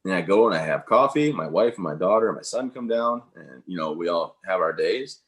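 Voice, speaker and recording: Deep-voiced upbeat rambling man. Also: lively intonation, a little fast, fairly bright tone. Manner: upbeat, rambling, many fillers. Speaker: interview guest, veteran speaker. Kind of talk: casual conversational interview.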